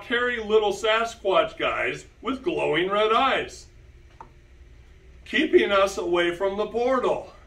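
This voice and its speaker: A man giving an animated storytelling talk to an audience, emphatic and repeating key words. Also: high voice, reverberant, recorded from a distance, rough recording. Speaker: speaker presenting to an audience.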